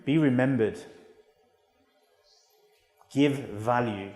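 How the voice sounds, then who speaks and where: A British man in his thirties giving an energetic motivational keynote in a large auditorium, telling stories with acted-out quotes. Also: medium pitch, very slow, faint music behind. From United Kingdom. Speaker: motivational speaker. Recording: long hall reverb.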